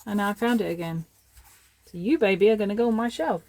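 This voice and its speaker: A woman's voice: mid-range voice, quick pace, darkish tone. A woman in her thirties chatting casually as she sorts through scrap, thinking aloud. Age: 30s. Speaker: scrapping vlogger. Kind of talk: casual commentary while sorting scrap.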